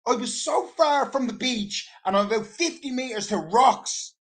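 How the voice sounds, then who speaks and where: A man with an Irish accent telling a casual anecdote in an animated, rambling way, full of swearing. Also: very high-pitched, normal speed. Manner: animated, profane, rambling storyteller.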